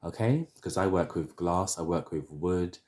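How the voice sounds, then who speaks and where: A man in his thirties with a London accent, chatting casually to camera as a hair vlogger, chatty and opinionated with drawn-out asides. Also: low voice, a little mellow. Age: 30s.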